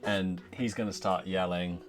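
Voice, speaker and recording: A man's voice: low voice, steady tone, unhurried, faint music behind. A man playing a tabletop game, scheming and swearing with a joking tone. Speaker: player.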